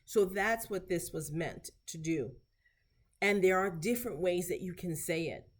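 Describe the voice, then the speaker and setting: A woman with a somewhat low voice teaches fellow clinicians in a relaxed video lesson. She is patient and methodical, repeating each phrase slowly several times so listeners can follow along. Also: breathy edge. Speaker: therapy clinician teaching Spanish.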